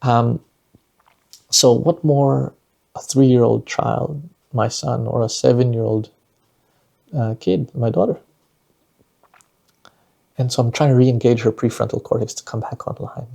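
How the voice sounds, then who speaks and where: Dad talking through a story about his kid, gravelly low voice, keeps saying "right?". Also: measured pace, long pauses, dark tone. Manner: conversational, repeats "right?" and "you know". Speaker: father sharing a parenting story. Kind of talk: reflective storytelling talk.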